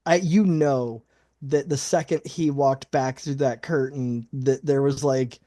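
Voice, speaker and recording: A man's voice: medium pitch, steady tone, a little slow, dark tone, no room sound, clean studio sound. A man co-hosting a casual wrestling review chat, loose and joking. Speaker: podcast co-host.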